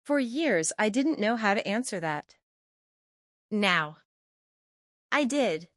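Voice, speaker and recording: Calm, unhurried woman storyteller. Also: medium pitch, no echo, clean studio sound. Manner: calm, terse short sentences. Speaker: narrator. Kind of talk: scripted first-person story narration.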